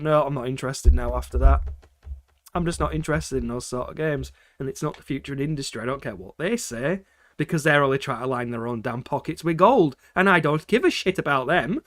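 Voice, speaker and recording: A man with a slightly raised pitch rants his way through a casual game stream. He swears freely and laughs between his points. The sound is dry and close, with no room around it. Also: no echo. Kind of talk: casual livestream chat.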